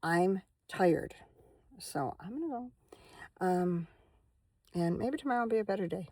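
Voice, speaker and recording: Speaking to camera from her van at night, the vlogger-minister wanders from one thing to the next in a chatty way and talks to her dog in between. Her fairly low, husky voice is warm and animated, though a little slow. It's a dry recording.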